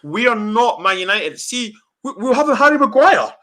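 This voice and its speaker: A young man hosts a football reaction chat and rants in anger, swearing often. His voice sits high and swings widely in pitch. The tone is bright and forceful. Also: moderate pace. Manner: angry, ranting, swearing, animated. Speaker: fan channel host.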